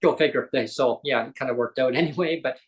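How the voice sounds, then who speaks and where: This man talks fast in a mid-range voice, captured with poor audio. Appearing as a guest on a live interview show, he meanders through a personal story, correcting himself often and acting out dialogue.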